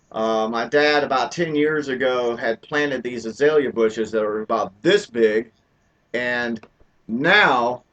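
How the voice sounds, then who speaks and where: Male streamer, mid-pitched, rambling and self-deprecating, dull lo-fi audio. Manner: rambling and self-deprecating, many filler words. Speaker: musician hosting his own live stream. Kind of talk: casual rambling live stream chat.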